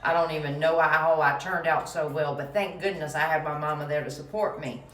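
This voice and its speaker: A woman's voice: low-pitched, fairly quick. Folksy woman telling a story. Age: middle-aged. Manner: folksy, animated, emphatic. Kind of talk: casual storytelling to camera. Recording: roomy, voice from a distance.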